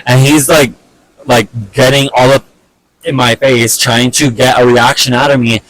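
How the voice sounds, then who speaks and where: A young man casually telling a personal story on a vlog, animated and exasperated, with lots of fillers and swearing. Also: medium pitch, measured pace, no room sound, poor audio. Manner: animated, fed-up retelling full of fillers and swearing.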